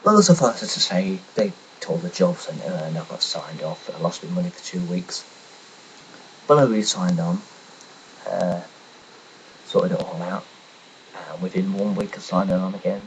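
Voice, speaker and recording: A man's voice: low-pitched, unhurried, long pauses, a little hiss or hum, poor audio. A young man from England, telling a story in a blunt, sarcastic, swearing rant. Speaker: vlogger telling a personal story. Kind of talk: casual ranting monologue.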